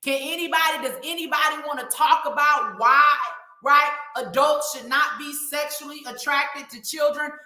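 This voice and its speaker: A woman's voice: high-pitched, moderate pace, bright, forceful tone. A woman hosting a live online show, speaking in an emphatic, preachy way and calling out to her viewers. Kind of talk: impassioned livestream commentary. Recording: echoey room.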